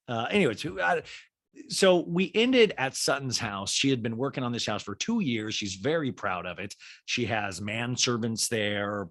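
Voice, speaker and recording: A man hosting a podcast, recapping a reality show in a chatty, gossipy, animated way. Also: medium pitch, no room sound, clean studio sound. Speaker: podcast host. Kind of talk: casual TV recap chat.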